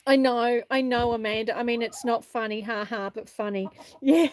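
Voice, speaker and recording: A high-voiced woman chats live as she walks outdoors on her farm, reading viewers' messages as a homestead livestreamer. Her intonation is fairly even and her speed normal, and she responds warmly and chattily, laughing often.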